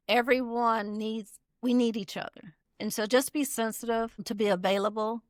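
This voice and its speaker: A woman's voice: fairly high pitch, fairly bright tone, dry recording, clean studio sound. A middle-aged woman talking earnestly as a guest, stressing her points and repeating them. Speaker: guest, community builder. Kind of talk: casual conversation.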